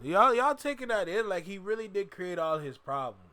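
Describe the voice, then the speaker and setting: A man's voice: high voice, big pitch swings, normal speed, sharp tone, slight background noise. A man hosting a reaction video, commenting emphatically and talking to his viewers. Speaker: YouTube reaction host.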